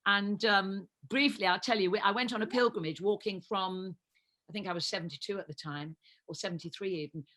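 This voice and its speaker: Chatty woman in her seventies, bright voice. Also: medium pitch, fairly quick. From England. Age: 70s. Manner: chatty storytelling, laughs often. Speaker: guest actress. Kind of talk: casual chat.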